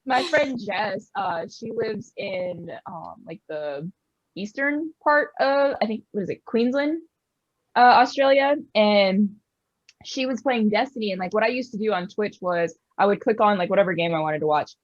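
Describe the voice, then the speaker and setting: A woman streamer chats casually and tells lively stories, acting out the voices of friends and chat. Her voice sits at a middle pitch. It comes through dry and a bit dull, like a lo-fi recording. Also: moderate pace, no echo. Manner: animated storyteller, acts out what others said. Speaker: streamer guest.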